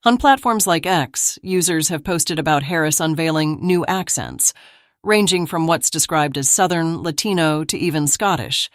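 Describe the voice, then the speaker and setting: A woman reading scripted narration for a commentary video in a measured, even manner. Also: sits low, no room sound, studio quality.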